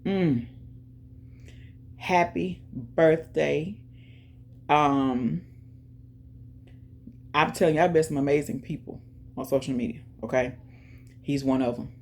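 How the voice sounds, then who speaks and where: A woman hosting her own channel, chatting casually and directly to viewers, giving shout-outs and talking about faith. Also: very deep voice, steady tone, a little slow, pauses often. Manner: chatty, talks straight to viewers with lots of "y'all". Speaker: YouTube channel host. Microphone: earphones in, music playing in her ear.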